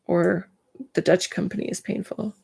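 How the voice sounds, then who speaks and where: A woman's voice: fairly low pitch, steady tone, normal speed, creaky, darkish tone, husky. A woman hosting a casual live stream, chatting to viewers by name, full of filler words, and in pain today.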